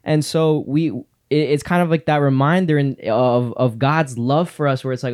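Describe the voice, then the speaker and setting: A man's voice: mid-range voice, steady tone, normal speed, few pauses, a little mellow. A male podcast host in casual faith talk, speaking earnestly about God in a preachy way.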